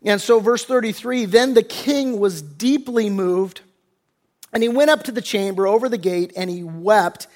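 A male pastor preaching a sermon, animated and conversational, acting out quotes with loud bursts and hushed wails. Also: sits high, normal speed.

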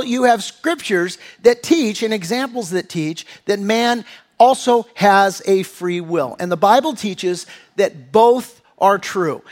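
A male pastor preaching a sermon in earnest, with fillers and restarts, sometimes acting out voices from the scriptures. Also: high-pitched.

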